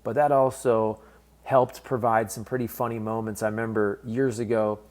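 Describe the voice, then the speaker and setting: A man's voice: on the low side, little pitch movement, moderate pace, darkish tone. A man giving casual commentary on a hockey trade, talking candidly and directly to fans. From based in St. Louis. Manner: conversational, candid, fan-focused. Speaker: sports commentator.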